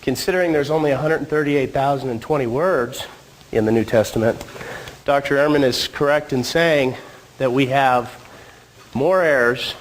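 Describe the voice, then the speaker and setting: A man's voice: mid-range voice, normal speed, slight background noise, poor audio. Man giving a casual church talk. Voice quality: slightly husky from a cold. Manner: casual, joking asides to the audience. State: getting over a cold. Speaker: church speaker. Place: church hall.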